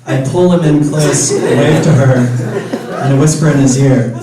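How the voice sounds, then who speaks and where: A man on stage telling a wry, slow anecdote between songs while the audience laughs. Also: medium pitch, recorded from a distance, over a noisy crowd. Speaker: singer-songwriter. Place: live concert venue. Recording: very echoey venue recording from afar.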